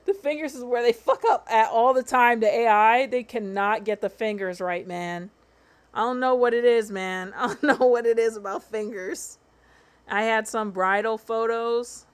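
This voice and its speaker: Woman, livestream host, casual chat, slangy, swears, smooth voice, slightly high. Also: moderate pace. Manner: chatty, slangy, swearing, laughs often.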